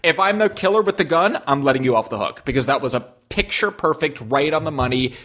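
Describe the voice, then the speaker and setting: A man's voice: on the high side, expressive, fast talker, fairly bright tone. A man co-hosting a podcast in casual chat, playful and rambling with fillers. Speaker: podcast co-host.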